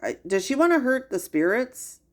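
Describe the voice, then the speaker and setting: A woman's voice: a little high, sing-song, normal speed. A middle-aged woman giving gossipy reaction commentary, incredulous and chatty. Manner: incredulous and gossipy, with frequent sighs and laughs. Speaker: commentary streamer.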